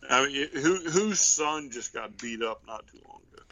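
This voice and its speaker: A man co-hosting a casual wrestling podcast, giving measured, knowing opinions. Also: medium pitch, expressive, pushed and bright, dry recording. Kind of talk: casual chat.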